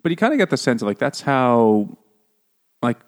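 A man chatting casually about a book as a podcast co-host, emphatic and animated, slipping into mock voices to act out quotes. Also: mid-range voice, moderate pace. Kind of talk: casual chat.

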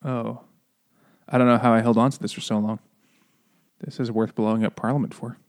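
A man's voice: medium pitch, fairly even intonation, brisk. A man co-hosting a podcast in casual chat, rambling and joking with lots of fillers and frequent laughs. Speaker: podcast co-host.

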